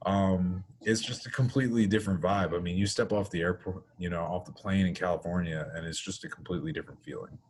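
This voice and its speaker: A podcast co-host from the US East Coast, telling stories in casual chat with an emphatic, animated manner. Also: male voice, deep voice, quick pace, few pauses, breathy edge.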